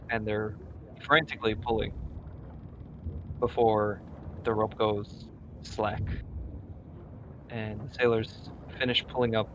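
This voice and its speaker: A man narrating a tabletop game as game master, in a slow, halting way with many fillers. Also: lowish voice, a bit bright. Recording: dull lo-fi recording with faint noise.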